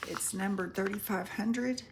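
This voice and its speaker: A medium-pitched woman, recorded with background noise, sells vintage paper and crafts online. Her casual presale video is chatty and unhurried; she describes each item up close and stumbles over foreign words.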